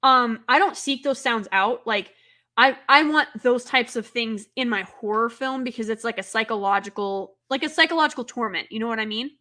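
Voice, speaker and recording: Here a woman runs a live stream at a normal pace, her voice on the high side as she chats casually with viewers. She rambles with lots of fillers and erupts into loud fits of exasperation.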